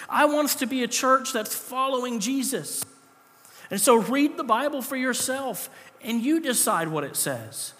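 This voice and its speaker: Pastor, male, high bright voice, chatty preaching with jokes, reverberant sanctuary. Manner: joking asides, conversational preaching. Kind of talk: sermon.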